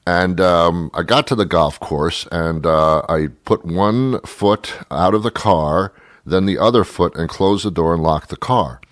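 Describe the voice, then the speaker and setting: A man's voice: low voice, unhurried, dry recording, studio quality. A man hosting a talk radio show, telling a story as a comedic rant, exasperated and sarcastic, with mock-pedantic asides.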